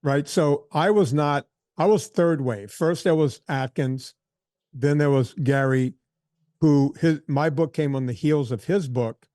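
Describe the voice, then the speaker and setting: Older man, fitness trainer, mellow tone, dry close sound, animated storytelling. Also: on the high side, measured pace, no room sound. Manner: animated, frequent restarts and quoted asides. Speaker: fitness trainer and podcast guest. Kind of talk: casual interview storytelling.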